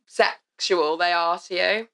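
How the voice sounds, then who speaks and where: A woman's voice: on the low side, steady tone, creaky, fairly bright tone, clear, resonant tone. Young woman cohost, bubbly and jokey, casual podcast chat. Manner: bubbly, jokey, quick asides. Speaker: podcast co-host.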